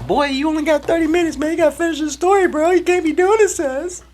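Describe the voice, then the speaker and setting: A man doing a high, whiny young guy pleading for the story to go on. The voice sits far above the speaker's own low register and sounds impatient. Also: fast, darkish tone, slight background noise.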